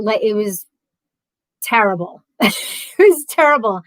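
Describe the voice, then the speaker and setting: A woman's voice: mid-range voice, animated, slow pace, pauses often, a bit bright, dry recording. A woman with a New York accent chatting casually as a livestream host, reading chat messages aloud and rambling with frequent laughs.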